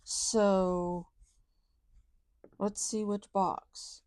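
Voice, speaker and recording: A woman chatting casually to viewers while counting out savings, talking soft and low close to the mic. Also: slow, vocal fry, no echo. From Texas. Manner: chatty, soft and low, says y'all often. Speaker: budgeting vlogger.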